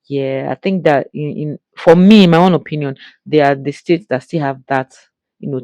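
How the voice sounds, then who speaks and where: A woman's voice: deep voice, darkish tone, no room sound. Woman, reaction host, casual chatty musing, dry close sound. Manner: chatty, musing, many fillers.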